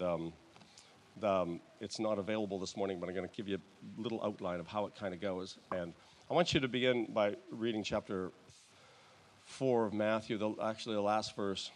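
Preaching in a church, this pastor has a fairly low-pitched voice. He talks conversationally, stopping and restarting, and lets out soft chuckles.

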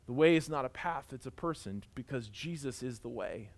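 A male pastor preaching a sermon and telling a personal story, earnest, rising to loud emphasis and dropping to quiet intensity. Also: medium pitch, expressive, normal speed.

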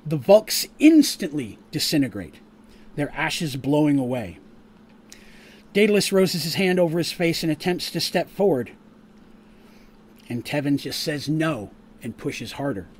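A man narrating a tabletop game as game master, casual and full of fillers, pausing to explain rules. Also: on the high side, big pitch swings, a little hiss or hum.

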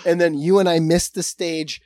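A man co-hosting a comedy podcast, chatting casually and reading sketch lines, playful and quick to laugh. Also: no echo. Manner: playful, laughs often, bursts into high excited bits. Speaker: podcast co-host.

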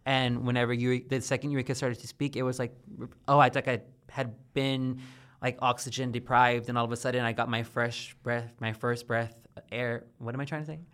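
Bright-voiced man rambling candidly. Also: mid-range voice, little pitch movement, brisk, clear, resonant tone. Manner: rambling, candid, swears casually. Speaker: podcast co-host. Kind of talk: casual chat.

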